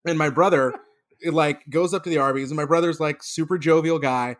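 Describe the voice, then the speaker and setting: A man telling a comedy podcast story in a lively way, slipping into the voices of the people in it. His voice sits slightly high for a man. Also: fairly quick. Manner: animated, acts out voices in stories. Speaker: podcast co-host.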